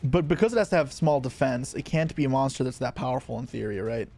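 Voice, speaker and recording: A man giving live commentary on his card game, thinking aloud in quick, muttered asides as he plays. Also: mid-range voice, lively intonation, a little mellow, soft background music.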